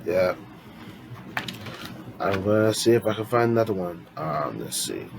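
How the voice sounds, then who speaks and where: A man's voice: low voice, animated, measured pace, vocal fry, background noise. A man casually reading his own poems to viewers, rambling and often restarting sentences. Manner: rambling, with frequent restarts and self-corrections; chatty, speaks directly to viewers as friends. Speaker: poetry vlogger.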